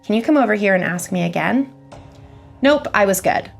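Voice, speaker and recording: A woman's voice: medium pitch, lively intonation, moderate pace, gravelly, soft background music. A woman voicing a polite, confused man sitting in a diner, speaking courteously and mildly. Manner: courteous and mild.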